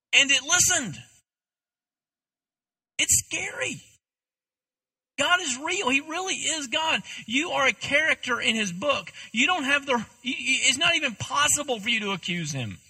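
A man's voice: very high-pitched, pushed and bright, breathy edge. A man, a pastor, preaching a sermon in a candid, conversational way with self-deprecating asides.

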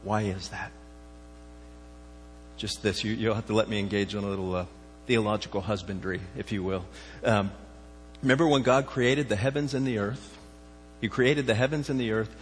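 A man preaching a sermon, talking in a conversational way and often asking his listeners questions. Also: on the low side. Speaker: pastor. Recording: reverberant hall with faint mains hum.

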